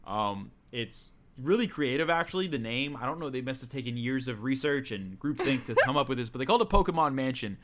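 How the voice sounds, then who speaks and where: A man's voice: medium pitch, animated, a little fast, hardly any pauses, a bit bright. A man co-hosting a casual chat, recapping a video game with sarcastic jokes and frequent laughs. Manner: joking, sarcastic, laughs often. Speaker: podcast co-host.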